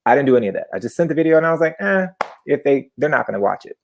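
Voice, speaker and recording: Animated young man telling a story. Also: racing, creaky, a little hiss or hum. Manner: animated, chatty, jumps into high-pitched bursts. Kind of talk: live personal storytelling.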